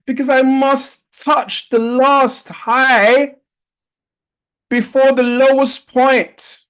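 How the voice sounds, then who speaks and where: A man's voice: very high voice, little pitch movement, takes it slowly, a bit bright, clean tone, rough recording. A man teaching an online trading lesson over a video call, coaching in a repetitive, coaxing way with rhetorical questions. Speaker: trading instructor.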